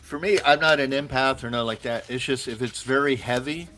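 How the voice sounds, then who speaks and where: A man, a paranormal investigator, in casual conversation, relaxed and telling stories. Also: mid-range voice, a little fast, slight background noise. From South Florida. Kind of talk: casual chat.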